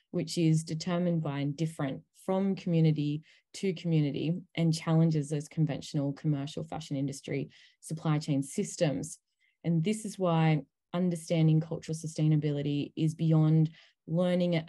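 A woman on an online panel, presenting a course pillar by pillar with many ums. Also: low-pitched. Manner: many ums, steady explaining pace.

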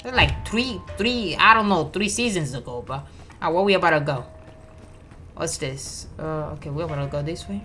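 A woman hosting a gaming channel, giving excitable, slangy, trash-talking let's play commentary and taunting enemies. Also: deep voice, normal speed. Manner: slangy, swears often. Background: game music.

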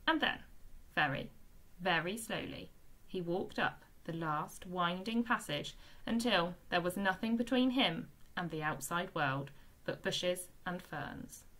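Expressive woman reading a storybook aloud. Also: fairly low pitch, takes it slowly. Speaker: primary school teacher. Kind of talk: reading a children's book aloud.

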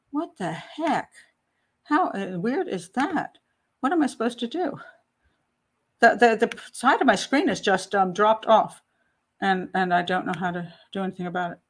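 A woman's voice: mid-range voice, fairly bright tone. A woman in her sixties, out of breath, hosting a casual livestream at home and exclaiming to herself as she sorts out a screen problem. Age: 60s. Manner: chatty, exclaiming, talks to herself while troubleshooting. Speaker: host.

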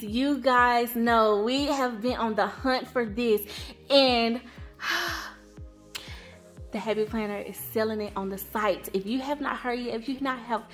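High-pitched young woman gushing over an unboxing, keeps repeating herself, soft music underneath. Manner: gushing, repeats words, says y'all a lot. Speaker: planner vlogger. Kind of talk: excited unboxing chat.

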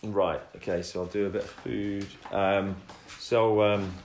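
A man's voice: fairly low pitch, flat delivery, measured pace, darkish tone, slight background noise. A man giving a casual religious talk on a livestream, rambling and breaking off his own sentences, sometimes reading scripture aloud at home. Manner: rambling, self-interrupting, reads scripture aloud. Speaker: Christian speaker sharing testimony. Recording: echoey room.

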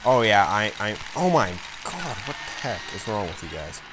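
A man commenting on his video game as he plays, excitable, yelling and complaining at the game. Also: fairly low pitch, moderate pace, noisy background. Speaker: let's play gamer. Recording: game music loud behind voice. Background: game music.

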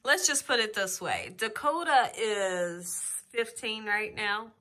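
This cooking channel host has a mid-range, bright and forceful voice that stays expressive as she talks. Her delivery is slow, drawn-out and full of emotion, like a heartfelt personal vlog filmed at home with the camera right up near her face.

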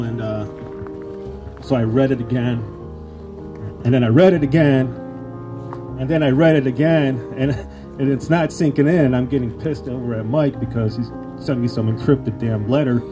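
A man's voice: mid-range voice, normal speed, over music. A man telling a rambling, self-deprecating story in an acceptance speech at a hall of fame induction. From Illinois.

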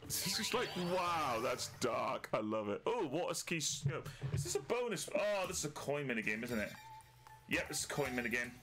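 A man's voice: fairly high pitch, very animated, fairly quick, music in the background. A man casually commentating a game he is playing on stream, joking, swearing and laughing often. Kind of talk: casual let's play commentary.

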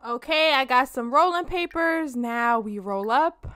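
A woman hosting a let's play, giving animated, casual gameplay commentary straight to her viewers and swearing freely. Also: high voice, a little slow, clear, resonant tone, no room sound, clean studio sound.

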